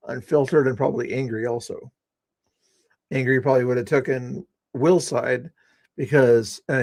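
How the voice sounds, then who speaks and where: A man's voice: mid-range voice, darkish tone, dry recording. Man hosting a livestream, sarcastic and rambling, dry close sound, middling voice. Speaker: livestream host. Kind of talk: casual livestream chat.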